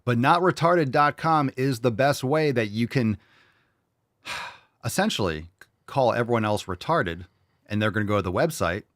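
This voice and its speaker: Male host, swinging lively pitch, brash and profane, dry close sound. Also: dry recording. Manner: brash, profane, mocking and animated. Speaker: show host. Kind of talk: casual merch pitch monologue.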